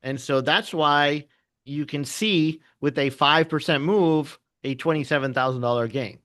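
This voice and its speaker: A man who trades options, chatting casually and telling animated stories. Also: on the high side, a little slow, dry recording, studio quality. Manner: animated storyteller, laughs often, acts out quotes. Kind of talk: casual trading chat.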